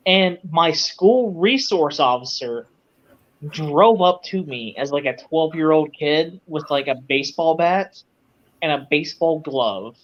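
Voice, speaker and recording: A man's voice: a little high, lively intonation, a little slow, muffled recording. A man on a discussion panel, telling a story casually with lots of fillers like "like". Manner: rambling, filler-heavy storytelling. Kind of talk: casual chat.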